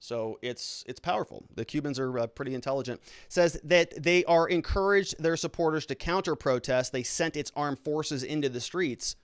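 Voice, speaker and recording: A man hosting a political commentary show, sarcastic and animated, with mocking asides. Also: a little high, normal speed, hardly any pauses, clear, resonant tone, dry recording. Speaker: host.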